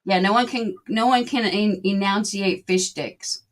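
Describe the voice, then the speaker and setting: A woman's voice: mid-range voice, steady tone, a little slow. A woman co-hosting a casual live morning stream, laughing often and talking in a loose, rambling way. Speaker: co-host.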